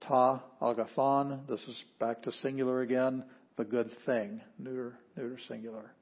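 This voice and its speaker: A man teaching a language class, explaining patiently with frequent pauses and fillers. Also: mid-range voice, little pitch movement, husky, highs cut off. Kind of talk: classroom lecture.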